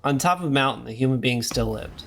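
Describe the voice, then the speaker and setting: A man's voice: mid-range voice, lively intonation, quick pace, gravelly, fairly bright tone. A young man streaming a horror game live, joking and rambling as he reads the game's text aloud. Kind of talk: live gameplay commentary.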